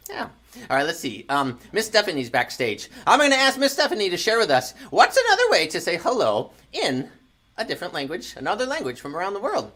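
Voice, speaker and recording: Woman, children's show host, bubbly, exclamatory, wildly swooping pitch, bright tone. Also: huge pitch swings, normal speed. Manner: bubbly, exclamatory, laughs often. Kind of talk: lively kids' show hosting.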